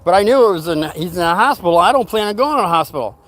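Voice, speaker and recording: This older man talks rapid-fire in a high voice, casually rambling through a youthful memory. He brings it to life by performing what everyone said.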